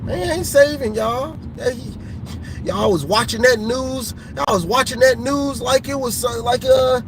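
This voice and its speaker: A man with a notably high voice rants about sports on a live stream, teasing fans and laughing between lines. He takes his time, letting each jab drag out. Soft vehicle hum sits faintly in the background. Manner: teasing, laughing, drawn-out colloquial talk.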